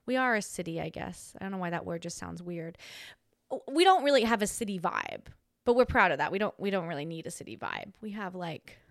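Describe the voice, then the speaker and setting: A woman's voice: fairly low pitch, animated, a little fast, gravelly, dry recording, studio quality. A young Australian woman hosting a podcast, chatting casually on her own, giggly and rambling with frequent restarts. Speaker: podcast host. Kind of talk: casual solo chat.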